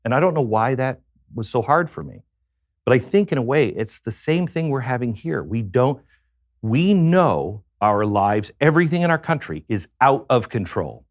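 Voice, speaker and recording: A man's voice: medium pitch, sing-song, moderate pace, no room sound. A man, a guest on a talk show, tells a personal story in a reflective way that halts on many fillers.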